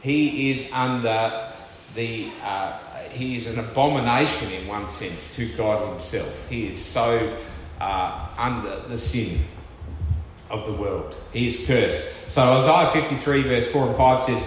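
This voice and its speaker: A man preaching a sermon with earnest, emphatic delivery, slowing down to stress key words. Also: mid-range voice, slight background noise. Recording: echoey church hall with long reverb.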